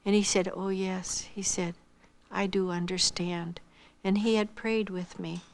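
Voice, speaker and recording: An older woman giving a personal missionary testimony, earnestly telling her story and acting out remembered dialogue, dropping to a hush at tender moments. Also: mid-range voice, flat delivery, unhurried, vocal fry, slight background noise.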